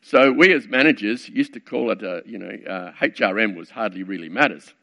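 A middle-aged man preaches a storytelling sermon about his working life, speaking conversationally and wryly with many asides. His fairly low, fairly bright voice has vocal fry and moves a little fast, captured in a dull lo-fi recording.

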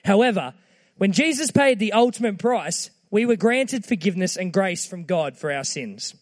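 Man, high voice, earnest casual sermon delivery. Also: animated, normal speed, in a large hall. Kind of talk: short timed sermon.

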